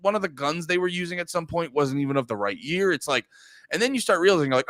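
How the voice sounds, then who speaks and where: A man's voice: on the high side, fairly quick, dry recording, clean studio sound. A man co-hosting a podcast, chatting casually about movies, swearing and acting out quotes. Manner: animated, swears casually, acts out quotes in funny voices. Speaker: podcast co-host.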